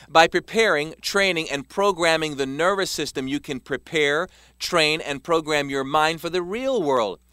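A man reading a self-help text aloud as scripted narration, measured and emphatic. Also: fairly high pitch, sharp tone, clean tone, no room sound, clean studio sound. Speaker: author narrating his self-help book.

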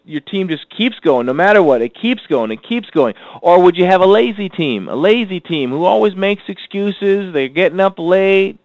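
A man teaching a recorded goal-setting lesson, asking rhetorical questions and repeating key lines slowly for emphasis. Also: a little high, dry recording, poor audio. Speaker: self-improvement teacher.

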